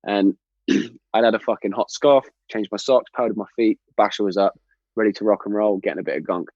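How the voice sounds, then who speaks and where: Low-voiced swearing man. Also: steady tone, brisk, a little mellow, no room sound, muffled recording. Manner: swearing, laughing storyteller. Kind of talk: casual chat.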